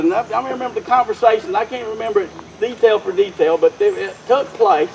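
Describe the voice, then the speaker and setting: A man's voice: sits high, quick pace, gravelly, hardly any pauses, darkish tone, poor audio. A man speaking as mayor at an outdoor park dedication, telling a folksy, rambling story and often restarting his sentences. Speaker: mayor giving a dedication speech. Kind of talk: informal public speech.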